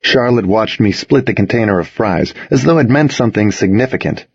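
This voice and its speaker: A man reading a first-person story aloud as an audiobook narrator, with a husky tone and expressive storytelling. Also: lowish voice, brisk, no echo. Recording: dull, dry lo-fi reading.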